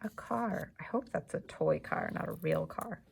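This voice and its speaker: A woman teacher speaks slowly and patiently to young children, clapping out the syllables of each word. Her voice has a strong gravelly fry and a husky edge. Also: low-pitched. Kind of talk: classroom lesson for young children.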